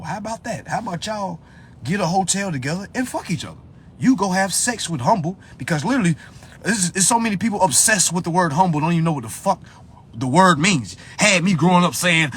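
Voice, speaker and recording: A man's voice: a little high, sing-song, fairly quick, bright, forceful tone, slightly rough. A man ranting bluntly to his live-stream viewers, swearing often and lecturing like a preacher. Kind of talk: profane motivational rant. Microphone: phone.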